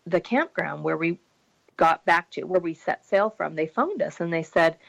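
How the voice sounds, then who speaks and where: A woman guest on an interview show, telling a dramatic personal story in a lively, animated way with frequent laughter. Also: fairly low pitch, normal speed, gravelly, highs cut off. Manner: animated storyteller, laughs often, mimics voices.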